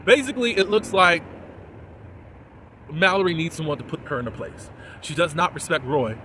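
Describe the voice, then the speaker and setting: A man casually recapping a TV episode in a chatty, chuckling way, softening the swear words as he goes. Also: a little high, normal speed, a little hiss or hum, rough recording. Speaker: TV episode reviewer.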